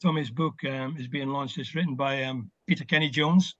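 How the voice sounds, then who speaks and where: An older former footballer, interviewed over a casual video call, tells warm, reminiscing stories with plenty of fillers. His voice is medium in pitch, steady in tone and normal in speed. The highs are cut off.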